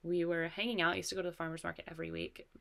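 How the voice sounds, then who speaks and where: Woman co-host, lowish voice with vocal fry, thoughtful and earnest. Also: level tone, racing, fairly bright tone. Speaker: podcast co-host. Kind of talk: casual conversation.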